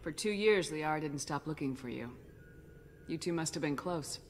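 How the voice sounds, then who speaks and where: An actress playing a composed female starship commander in a video game, speaking in a measured way. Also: sits low. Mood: calm.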